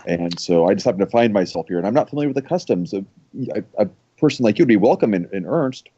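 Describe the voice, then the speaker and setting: A man's voice: on the low side, animated, fast, dark tone, husky, dry recording. A man playing a stammering courtly noble. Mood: flirting. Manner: stammering, courtly speech with many restarts. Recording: dull lo-fi mic.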